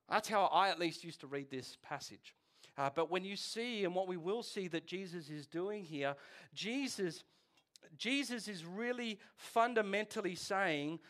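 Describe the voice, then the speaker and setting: A man with a high voice delivers a sermon. He talks in an easy, conversational way, but leans hard on his key points and repeats them for weight. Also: expressive, moderate pace, fairly bright tone. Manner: earnest, conversational preaching with emphatic repetition. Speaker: preacher.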